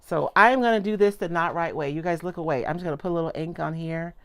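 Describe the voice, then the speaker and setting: At her home table, a middle-aged woman demonstrates craft products in a live demo, chatting casually, rambling and cutting herself off. She talks fast, with a fairly low-pitched voice and a fairly bright tone.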